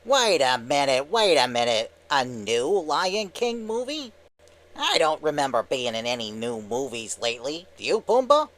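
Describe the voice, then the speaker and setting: A man's voice: mid-range voice, very animated, normal speed, a bit bright. A man voicing a wisecracking male meerkat in a comic skit, talking in a brash, chatty, jokey way.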